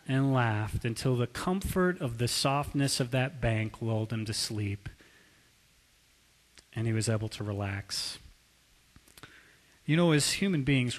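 A man preaching a sermon as a pastor, telling a story with drawn-out emphasis. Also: mid-range voice. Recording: long hall reverb.

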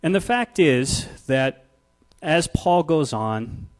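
A man's voice: on the high side, lively intonation, slow pace. A man preaching a sermon in a conversational way, asking the congregation questions. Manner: conversational, builds from quiet to loud. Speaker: pastor.

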